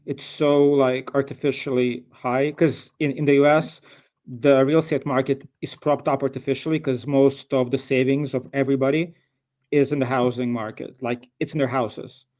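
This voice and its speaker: An American man from California talks in a casual group chat at a middling pitch. His phrasing is halting and full of "like". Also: little pitch movement, darkish tone. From California, USA. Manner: heavy use of like, halting phrasing.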